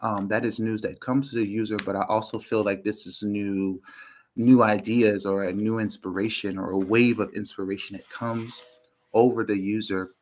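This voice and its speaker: A man giving a casual tarot reading, meandering with frequent ums and restarts and often clearing his throat. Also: on the low side, level tone, normal speed, low-quality recording. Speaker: tarot reader.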